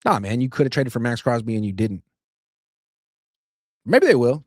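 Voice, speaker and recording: Male sports podcast host, mid-pitched, punchy and sarcastic, spikes up high to make a point; dry, close-miked read. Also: moderate pace, no echo. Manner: animated, sarcastic, swings loud for emphasis. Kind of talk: opinionated solo sports commentary.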